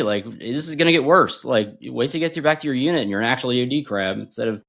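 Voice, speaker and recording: A man in his forties, a podcast guest and former bomb disposal instructor, telling stories in a casual, animated way and acting out quotes. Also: fast, creaky. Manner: animated, acts out quotes with big pitch jumps and laughs. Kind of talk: casual storytelling.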